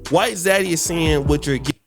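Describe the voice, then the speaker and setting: A man's voice: a little high, fairly quick. Blunt man host lecturing over music. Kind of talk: reaction commentary.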